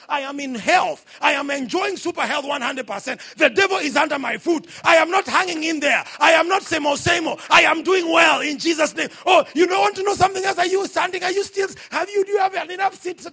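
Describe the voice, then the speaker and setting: A male pastor preaching a sermon, shouting his exclamations and throwing questions at the congregation. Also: extremely high pitch, expressive, brisk, vocal fry.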